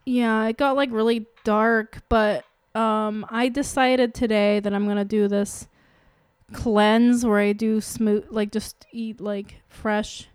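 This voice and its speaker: A woman's voice: a little high, level tone, slow, clear, resonant tone, no room sound, studio quality. A young woman co-hosting a podcast in casual chat, talking in a rambling way with lots of "like" fillers. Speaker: podcast co-host.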